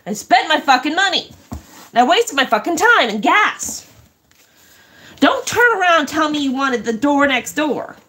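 A woman's voice: sits high, big pitch swings, normal speed, pushed and bright, slight background noise. A woman ranting angrily and with a lot of swearing about a job mix-up, talking casually while she works. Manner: angry, profane ranting. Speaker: craft vlogger. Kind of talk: casual rant while working.

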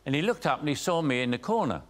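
A man's voice: fairly high pitch, very animated, rapid-fire. An older man with a London Cockney accent telling an anecdote as a talk show guest. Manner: storytelling with acted quotes and laughs. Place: TV studio. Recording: TV clip with faint studio noise.

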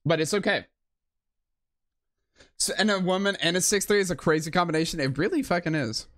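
A man's voice: high voice, brisk, fairly bright tone. A man streaming a game live, giving casual, profane, slangy commentary and laughing often.

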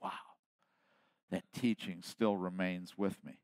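Older man preaching, slow and low. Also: steady tone, no room sound. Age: 70s. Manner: impassioned preaching, swinging between soft asides and loud emphasis. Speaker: pastor. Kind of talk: sermon.

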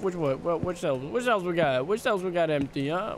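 A man's voice: sits high, lively intonation, quick pace, hardly any pauses. A young man playing a horror game, commentating with crude jokes and jumpy reactions. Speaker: gaming streamer.

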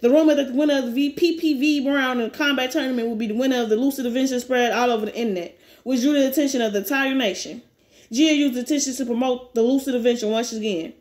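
High-voiced woman reading a webcomic aloud. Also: darkish tone. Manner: brash, swearing asides. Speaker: webcomic reader.

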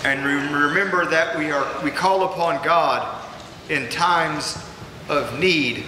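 A man's voice: a little high, takes it slowly, pushed and bright. A man preaching a sermon as pastor, earnest and emphatic, with repetitions, in a large church sanctuary. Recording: echoey church hall with background noise.

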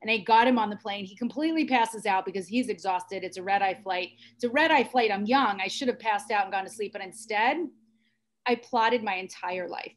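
A woman's voice: mid-range voice, brisk. A middle-aged American woman telling her personal story as a podcast guest, earnest and intense. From United States. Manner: earnest and intense, with frequent restarts.

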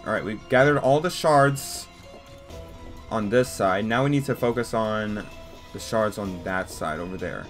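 A young man doing casual let's-play commentary, excitable and jumpy, talking to his viewers as he plays. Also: fairly low pitch, measured pace, soft background music. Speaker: gaming YouTuber.

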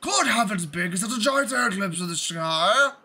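A man streaming a game, giving excitable, joking commentary and yelling at the screen. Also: high voice, normal speed, breathy edge. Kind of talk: gaming commentary. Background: game music.

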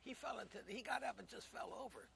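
A man in his eighties telling a funny anecdote in a casual way, animated and laughing as he goes. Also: extremely high pitch, fast, creaky, slightly rough, dry recording. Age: 80s. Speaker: comedian and entertainer.

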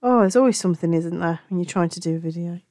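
Here the crochet tutor speaks fast in a lowish, mellow voice, chatting affectionately and correcting herself often as she teaches. She has a Black Country accent from England, and there's no room sound.

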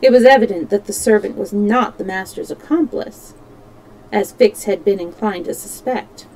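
A woman storyteller reads a classic novel aloud at an even, measured pace. Her voice sits at an ordinary middle pitch, and she stumbles now and then and simply corrects herself. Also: low-quality recording. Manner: steady, measured, with small slips and self-corrections.

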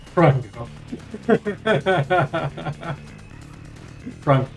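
A man's voice: on the high side, expressive, drawn-out words, vocal fry, a little mellow, soft background music. A man streaming a video game, joking crudely and talking to the game and his chat in casual commentary.

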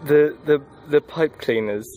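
A man's voice: fairly high pitch, a little slow, warm tone, a little hiss or hum, poor audio. A man chatting and teasing his friend while filming a casual vlog on a handheld phone inside a big store. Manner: joking and teasing, laughs often. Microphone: handheld phone camera.

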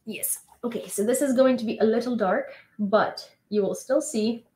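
A woman from Ukraine with a slightly high voice chats loosely with her viewers on a live stream. She giggles often and scatters "like" and "um" through her talk as she reads out news updates. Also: normal speed, mellow. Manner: chatty and giggly, heavy use of "like" and "um". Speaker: streamer reading war news. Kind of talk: casual live chat with viewers.

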